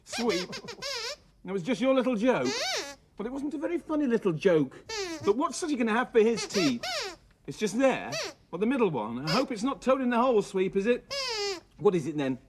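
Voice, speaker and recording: A man's voice: sits high, very animated, brisk, pauses often, background noise. Giggly man presenting a kids' show. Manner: giggly, playful, mock-exasperated. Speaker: children's TV presenter. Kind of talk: playful banter with puppets.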